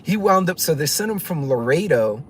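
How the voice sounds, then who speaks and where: A man's voice: on the high side, lively intonation, normal speed, a little hiss or hum. A man hosting his own channel, telling a story in a casual, rambling way with many fillers and restarts, acting out other people's voices. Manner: acts out other people's voices while retelling. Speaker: channel host.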